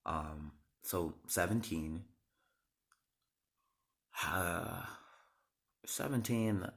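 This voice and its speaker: A man in his thirties telling his life story to camera, halting and rambling with many restarts and blunt swearing. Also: low voice, creaky, fairly bright tone. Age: 30s. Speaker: vlogger.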